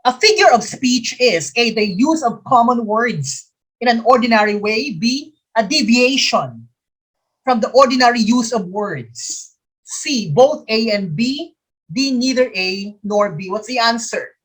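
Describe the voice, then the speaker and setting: A woman's voice: fairly high pitch, animated, a little slow, slightly rough. A woman with a Filipino accent teaching a live exam review quiz, repeating each question and answer and slipping into Tagalog. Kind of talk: live online quiz coaching.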